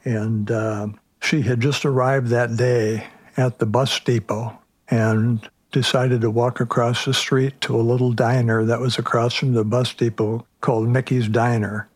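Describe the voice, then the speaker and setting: Measured male prosecutor recounting a case. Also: mid-range voice, level tone, husky, no echo. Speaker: prosecutor guest. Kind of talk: casual retelling of a case.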